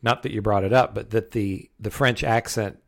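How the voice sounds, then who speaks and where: A man's voice: lowish voice, fairly even intonation, moderate pace, vocal fry. A man co-hosting a casual film review podcast, talking loosely with frequent restarts and hedges. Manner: rambling, many restarts and hedges. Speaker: podcast co-host.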